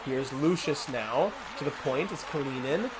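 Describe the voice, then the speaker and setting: A man's voice: medium pitch, measured pace, noisy background. A man streaming a hockey video game, calling the action like a sportscaster and chatting with viewers between plays. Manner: mock sportscaster calls, asides to chat. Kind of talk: play-by-play commentary while gaming.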